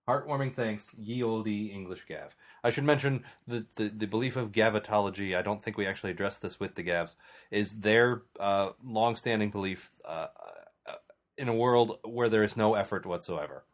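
A man with a fairly low voice hosts a casual podcast chat. He reads out listener questions and rambles through his answers, restarting sentences often. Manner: rambling, restarts often, chuckles between remarks.

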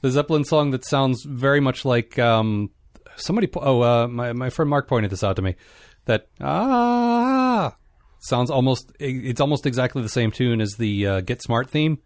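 A man's voice: medium pitch, normal speed. A man hosting a podcast in casual, rambling chat. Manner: rambling, laughing. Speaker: podcast host.

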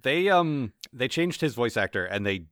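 A man co-hosting a podcast who chats casually and wanders into side remarks. His humor is dry and sarcastic, and his pitch swings up and down a lot. The recording is close and dry. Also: big pitch swings, moderate pace, a bit bright, no echo. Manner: dry, sarcastic, rambling asides. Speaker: podcast co-host. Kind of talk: casual chat.

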